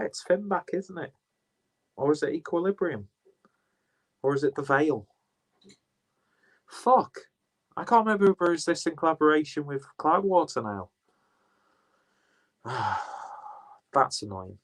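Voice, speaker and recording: A man's voice: medium pitch, unhurried, pauses often. A man chatting casually through an unboxing, rambling, swearing and correcting himself as he goes. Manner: rambling, profane, self-correcting. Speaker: beer reviewer.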